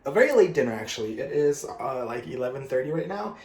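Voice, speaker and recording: A man's voice: mid-range voice, lively intonation, brisk, a little mellow, poor audio. Chatty young man vlogging over dinner. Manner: chatty, swearing, self-mocking, laughs often; talking while eating. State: slightly out of breath. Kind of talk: casual mukbang vlog chat. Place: home apartment, indoors. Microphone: camera set in front.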